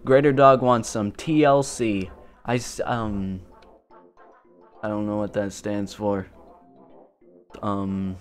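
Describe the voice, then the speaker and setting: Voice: mid-range voice, slow pace, pauses often. A gamer rambling through let's play commentary in a goofy, self-amused way. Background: game music.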